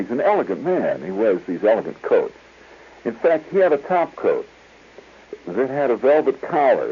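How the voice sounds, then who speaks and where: Deep-voiced man telling a rambling story. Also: breathy edge. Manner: digressive, chuckling raconteur. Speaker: radio host. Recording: tinny 1970s radio broadcast.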